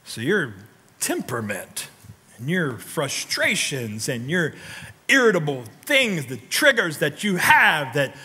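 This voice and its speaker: A male pastor preaches in a bright, forceful, slightly high voice, telling stories animatedly in a slow, sing-song way. He swings between loud, punchy lines and hushed ones, speaking straight to the congregation and prodding them to respond. A long sanctuary reverb trails each phrase in the church.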